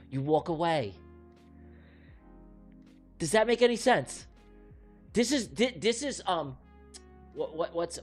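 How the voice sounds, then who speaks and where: A man hosting a trading livestream who talks straight to his viewers in a profane, animated storytelling way. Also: high-pitched. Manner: talks directly to the audience. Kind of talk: livestream chat.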